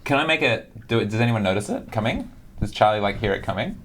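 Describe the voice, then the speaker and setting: A man with an Australian accent playing a tabletop game, hesitant and animated. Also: lowish voice, fast, a little hiss or hum. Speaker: player. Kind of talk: casual tabletop banter.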